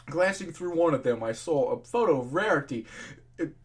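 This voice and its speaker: A man's voice: on the high side, expressive, brisk, noisy background. A young man casually reading fan fiction aloud, swearing freely and ranting in between. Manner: profane ranting, laughs at the text.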